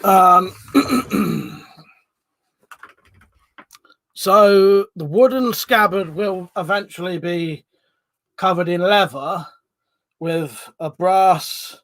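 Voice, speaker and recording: A man hosting a casual live stream, chatting and greeting viewers by name, with loud greetings and quieter mumbled asides. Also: sits high, drawn-out words, long pauses, no room sound.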